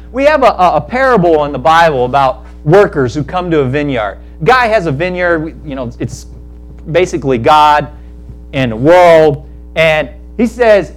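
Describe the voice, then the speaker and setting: A man preaching a sermon, telling a parable in animated storytelling style and acting out the characters in quick asides. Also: fairly high pitch. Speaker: pastor.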